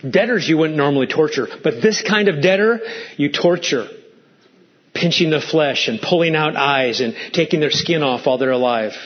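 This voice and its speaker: A man's voice: on the high side, animated, normal speed, lo-fi sound. A man preaching a sermon as pastor, emphatic and fond of stacked rhetorical questions.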